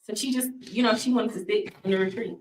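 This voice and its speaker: A woman's voice: mid-range voice, fairly even intonation, quick pace, darkish tone, far from the mic, slight background noise. A woman from the United States telling stories in a casual vlog, blunt, slangy and indignant. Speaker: vlogger. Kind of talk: casual storytelling rant. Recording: echoey room, voice a bit off-mic.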